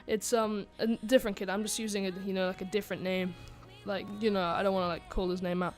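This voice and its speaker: A woman chats through a casual storytime anecdote at a mid-range pitch for a woman, rambling with fillers and restarts and dropping in giggly asides. Faint music plays quietly behind her as she talks into a desk microphone. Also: level tone, fast. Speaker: channel host telling a story.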